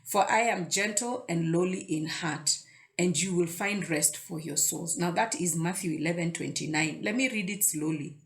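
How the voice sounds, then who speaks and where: A woman's voice: fairly low pitch, normal speed, gravelly. A woman hosting a casual devotional talk, conversational and often repeating words as she thinks aloud. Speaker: devotional video host.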